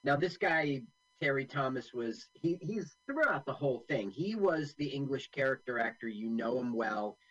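A man's voice: medium pitch, expressive, moderate pace, few pauses, a bit bright, highs cut off. A man co-hosting a casual movie commentary, chatty and full of film trivia. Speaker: co-host.

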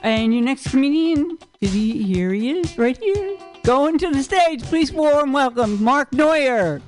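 A woman's voice: sits high, animated, a little slow, soft background music. A woman emceeing a comedy night, cheering and drawing out her introductions. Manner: cheering and drawn out.

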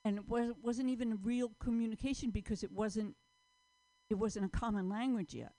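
A woman's voice: on the high side, steady tone, moderate pace, mellow, no room sound, rough recording. A woman doing a stand-up set at an open mic, rambling and self-mocking, often trailing off.

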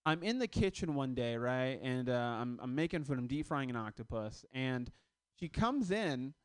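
A man in his thirties doing a loose stand-up set on a club stage, with shouted punchlines. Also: mid-range voice, sing-song, normal speed, smooth, no echo. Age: 30s. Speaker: stand-up comedian.

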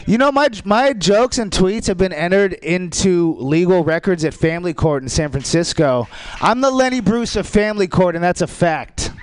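A man performing a rambling stand-up routine on a radio show, telling dark, crude jokes in an offhand way. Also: high voice, animated, normal speed, smooth, dry recording. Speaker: stand-up comedian.

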